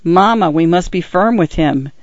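A woman's voice: fairly low pitch, expressive, moderate pace, dry recording, natural voice. A woman voicing a worn-out mother who murmurs pleas to her dead mother in a short story reading. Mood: pleading. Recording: dull, dry lo-fi recording.

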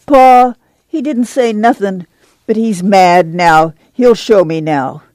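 A woman's voice: medium pitch, slow pace, dark tone, no room sound, lightly acted. A woman voicing a steadfast farm mother. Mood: proud. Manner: homespun, plain-spoken, firm. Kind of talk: dramatic audiobook reading.

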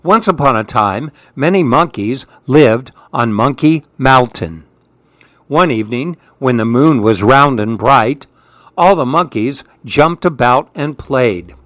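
A man reading children's storybooks aloud with an expressive, lilting delivery. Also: mid-range voice, no room sound.

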